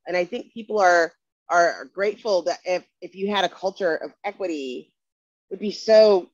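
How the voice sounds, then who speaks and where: A woman's voice: fairly low pitch, dry recording. Woman co-host, firm persuasive talker, dry and slightly dull audio. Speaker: podcast co-host. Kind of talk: casual podcast interview.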